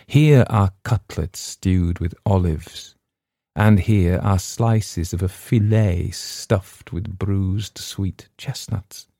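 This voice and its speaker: A man voicing a second masked woman at a feast who insistently serves food, speaking slowly, in a storybook reading. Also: low voice, warm tone, no room sound, studio quality, full character voice. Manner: slow, insistent serving.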